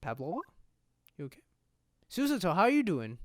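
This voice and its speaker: A man doing casual let's play commentary, excitable and swearing, with a voice that is going hoarse. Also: sits high, brisk, a little hiss or hum. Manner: excitable, swearing, laughs at himself. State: losing his voice. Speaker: let's play gamer voicing game dialogue. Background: game music.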